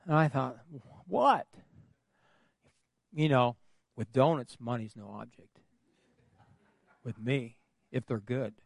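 An unhurried pastor with a medium-pitched voice and vocal fry preaches from the pulpit, leaving long pauses; there is no room sound. He prompts the congregation to respond and sprinkles in folksy, humorous remarks.

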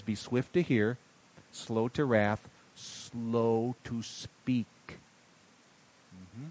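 A man preaching a sermon in a folksy way, swinging from quiet asides to loud emphatic bursts. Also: mid-range voice. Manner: folksy, calls listeners buddy and darling. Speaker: pastor.

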